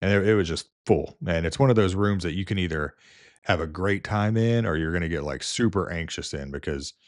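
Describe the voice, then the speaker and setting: Man, nurse, casual storytelling, rambling with fillers, very low voice, dry close sound. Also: brisk, no echo. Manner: rambling, with many fillers and restarts. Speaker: nurse and video host.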